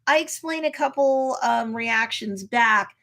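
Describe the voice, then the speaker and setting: A woman attorney casually retells and reacts to a TV episode, punctuating her points with "like" and "right?" Her voice is a little high, bright, and forceful, and she speaks slowly.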